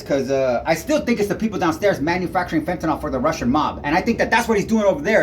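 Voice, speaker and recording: Holding a camera on his neighbor, this man delivers an angry ranting vlog, swearing constantly and rambling agitatedly between points. His voice sits high, and there's slight background noise.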